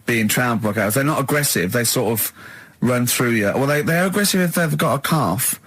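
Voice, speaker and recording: A man with an English accent hosting a radio show, teasing his guest with quick interjections. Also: mid-range voice, animated, a bit bright, slightly rough, no echo. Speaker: radio host. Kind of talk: casual radio banter.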